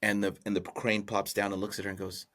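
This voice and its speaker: A man's voice: lowish voice, monotone, fast, a bit bright. A man hosting a podcast, casually retelling a folk tale with amused, rambling asides. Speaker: podcast host. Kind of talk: casual comedic storytelling.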